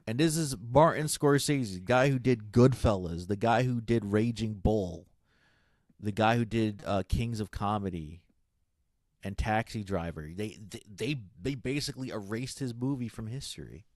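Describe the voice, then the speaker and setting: A man's voice: on the low side, moderate pace, a little mellow, dry recording. A man in casual chat, rambling with lots of fillers and restarts. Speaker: guest on a comic stream.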